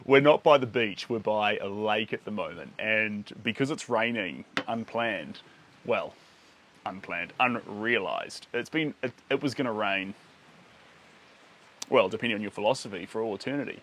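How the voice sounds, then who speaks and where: A man's voice: fairly low pitch, normal speed, fairly bright tone, a little hiss or hum. A man chatting casually with his viewers during a live art stream, rambling and playful, often chuckling. He is recording outdoors under a shelter by a lake.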